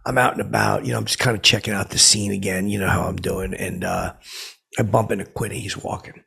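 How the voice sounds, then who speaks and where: A man's voice: on the low side, steady tone, gravelly, fairly bright tone, husky. A man hosting a comedy podcast as a tired, rambling character, telling a story with many restarts and fillers. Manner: rambling, halting, full of uh and restarts. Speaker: podcast host.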